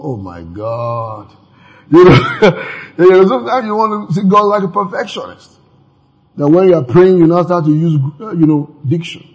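A man's voice: fairly high pitch, normal speed, breathy edge, rough recording. A man preaching a sermon in a conversational way, with laughing asides and many fillers.

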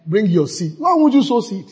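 A man delivers a fervent church sermon, drawing call-and-response from the congregation and bursting into shouts. His voice sits high and comes out husky and breathy. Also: very animated, a little slow. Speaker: pastor.

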